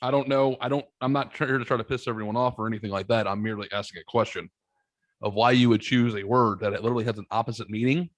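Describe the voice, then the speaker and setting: A man's voice: medium pitch, steady tone, fast, no echo. A man co-hosting a podcast, rambling through a story in a casual, self-deprecating way. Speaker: podcast co-host. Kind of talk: casual chat.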